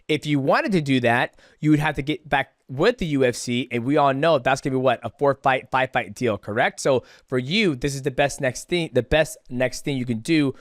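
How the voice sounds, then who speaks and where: A man's voice: mid-range voice, moderate pace, few pauses, dry recording. A male podcast host puts his questions in a loose, conversational way, checking facts as he goes. The sound is dry and close. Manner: conversational, questioning, laughs along. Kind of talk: casual interview.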